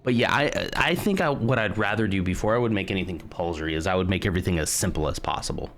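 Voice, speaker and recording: Deep-voiced, musing American man. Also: steady tone, very fast. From United States. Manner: musing and hesitant, thinking out loud with many fillers. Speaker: streamer. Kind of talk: casual live-stream chat while gaming.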